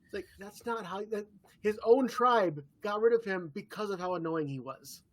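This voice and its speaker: A man co-hosting a podcast in casual chat, relaxed and agreeable, often backing up his partner. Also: high voice, normal speed. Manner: relaxed, agreeable, with frequent short yeahs. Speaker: podcast co-host.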